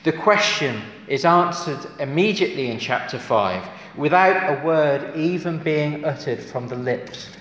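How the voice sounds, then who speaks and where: A man's voice: a little high, animated, a little slow, few pauses, fairly bright tone, slight background noise. A man preaching a sermon in a church. He speaks earnestly, asks his congregation rhetorical questions and rises to emphatic exclamations. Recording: echoey hall with long reverb.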